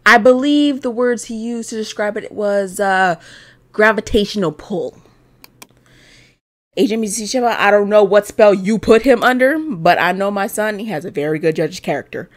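A woman's voice: mid-range voice, normal speed, close to an everyday voice. Plain read of a proud, chatty middle-aged dad, with a woman voicing him in a mid-range voice. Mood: fatherly. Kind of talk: reading game dialogue aloud.

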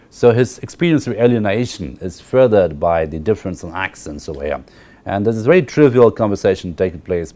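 A man's voice: deep voice, darkish tone. A man giving a university literature lecture. He explains at length, repeats key phrases and often checks with the class by asking "right?".

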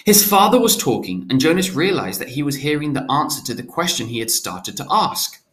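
A man's voice: a little high, sing-song, fairly quick, a bit bright. A man reading a novel aloud, stopping to restate hard words in simpler terms.

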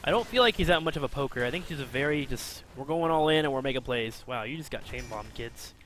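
A man plays a video game while offering casual, self-deprecating commentary, chatty and swinging between excited outbursts and low mumbling. He talks quickly, and there's slight background noise.

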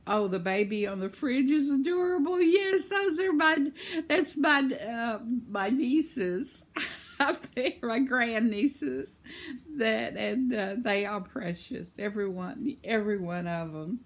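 Older woman vlogger, husky and unhurried, chatty, laughs a lot. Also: fairly high pitch, animated. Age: 70s. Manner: chatty, laughs often, warmly talkative. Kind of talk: casual chat reading viewer comments.

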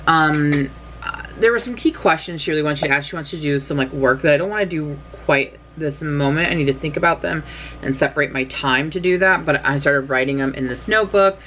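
Chatty low-voiced young woman vlogging. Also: fairly quick, a bit bright, a little hiss or hum. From California. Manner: rambling, chatty, self-deprecating. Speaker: writing vlogger. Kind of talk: casual vlog chat. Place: bedroom at home, in doors.

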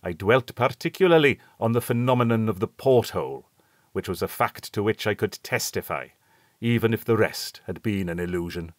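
A man narrates a first-person horror story in a measured, suspenseful way. His voice sits low. The recording is close and dry, with no room sound. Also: lively intonation, no room sound. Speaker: audiobook narrator.

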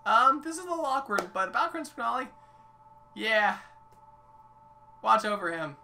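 A man voicing a melodramatic, heartbroken temple spirit in a high, theatrical, grandiose voice. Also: very animated, normal speed, vocal fry, sharp tone, recorded from a distance, a little hiss or hum, heavily acted. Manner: overwrought, grandiose.

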